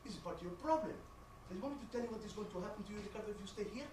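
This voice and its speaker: A man voicing a doting, teasing mother who speaks broken English and swings into dramatic shouts. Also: high-pitched, expressive, rapid-fire. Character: doting teasing middle-aged mother on the phone. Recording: echoey room, distant mic, noisy.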